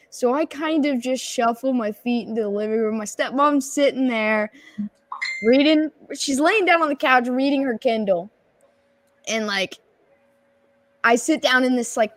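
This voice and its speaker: A young woman co-hosting a podcast, casually telling a long personal story and acting out the quotes with lots of expression. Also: mid-range voice. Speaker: podcast co-host.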